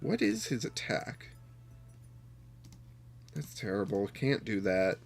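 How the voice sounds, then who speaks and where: A man giving live gameplay commentary on a card game, talking to his opponent with exasperated outbursts and quiet muttered counting. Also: on the low side, lively intonation, takes it slowly, creaky. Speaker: card game player and streamer.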